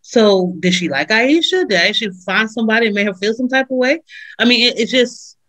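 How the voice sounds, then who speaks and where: A woman co-hosting a podcast, chatting casually and speculating with rapid questions. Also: on the high side, animated, fairly bright tone, poor audio. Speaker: podcast co-host. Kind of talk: casual chat.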